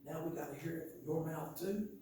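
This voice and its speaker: Preacher putting on a grumbling scornful big brother, young man, fast dismissive talk, echoing from a distance in a big reverberant hall with faint ambient hiss. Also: fairly high pitch, natural voice.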